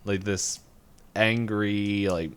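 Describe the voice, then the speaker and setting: A man with a fairly low, smooth voice recaps a cartoon episode for a podcast. He rambles casually and pops into short voiced lines from the characters as he goes. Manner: rambling, animated retelling with quick voiced quotes. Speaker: podcast co-host.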